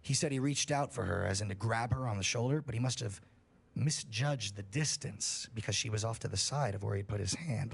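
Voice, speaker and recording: A man's voice: lowish voice, creaky, slightly rough. A man on a livestream telling a scary story in a casual, profane way, building suspense. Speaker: streamer.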